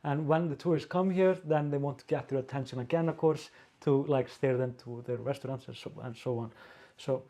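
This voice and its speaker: A man with an Icelandic accent, hosting a casual video-call Q&A as an editor, talking haltingly with many fillers and restarts. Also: medium pitch, warm tone. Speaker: editor-in-chief, co-host.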